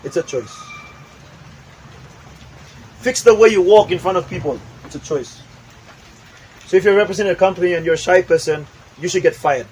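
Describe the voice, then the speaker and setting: High-voiced emphatic motivational speaker man. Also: moderate pace, pauses often, darkish tone, a little hiss or hum, rough recording. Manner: emphatic, repetitive, acts out examples. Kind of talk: motivational talk with acted demonstrations.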